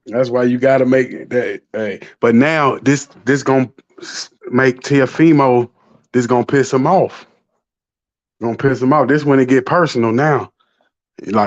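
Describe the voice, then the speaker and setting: A man's voice: medium pitch, unhurried. A man chatting casually as co-host, laid-back and explaining things in slang. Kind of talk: casual chat. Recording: dull lo-fi sound.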